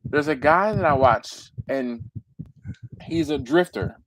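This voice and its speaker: A man's voice: on the high side, animated, slow pace, gravelly, dry recording, poor audio. A man hosting a casual live chat, rambling and stumbling over repeated words, acting out quotes with jumps in his voice. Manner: acts out quotes with big jumps in voice. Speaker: livestream host.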